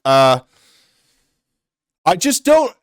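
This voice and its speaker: A man's voice: high voice, big pitch swings, extremely slow, dry recording, clean studio sound. A young man hosting angry reaction commentary, ranting in an exasperated way and swearing often. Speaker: commentary host.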